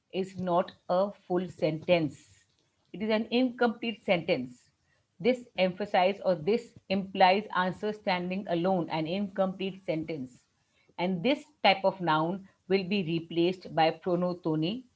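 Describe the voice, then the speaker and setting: Indian-accented woman, patient tutor walking through grammar rules step by step; muffled lo-fi recording. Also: fairly low pitch. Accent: Indian English. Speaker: French teacher. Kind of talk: classroom grammar lesson.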